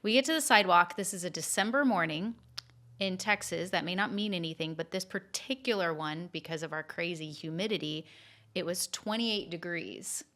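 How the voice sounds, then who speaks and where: Woman, podcast storyteller, bright tone, chatty, restarts often. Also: on the low side, normal speed. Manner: lively storyteller with frequent fillers and restarts. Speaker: podcast co-host telling stories. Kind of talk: casual storytelling chat.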